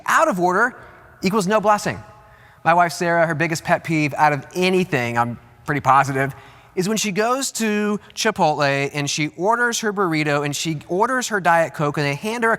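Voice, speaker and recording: A man preaching a sermon as pastor, emphatic and animated, repeating key words and jumping up in pitch to stress them. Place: large church auditorium. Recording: long hall reverb with faint music.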